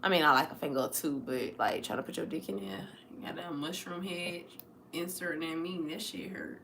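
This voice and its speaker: A young American woman hosting a casual livestream, animated and profane, swinging between mutters and loud bursts. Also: on the low side, brisk, creaky, echoey room, slight background noise. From United States. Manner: profane, playful. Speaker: livestream host.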